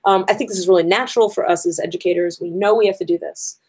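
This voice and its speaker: A woman's voice: lowish voice, steady tone, quick pace, darkish tone, breathy edge, rough recording. A woman educator giving a conversational conference talk to teachers, explaining her points step by step with frequent ums.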